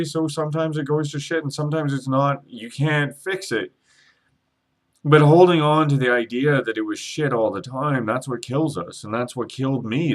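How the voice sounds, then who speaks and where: A man's voice: medium pitch, a bit bright. Earnest, teary spiritual vlogger man. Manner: rambling, earnest, with swearing and many restarts. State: emotional, holding back tears. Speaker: Reiki practitioner and psychic vlogger. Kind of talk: emotional spiritual vlog monologue.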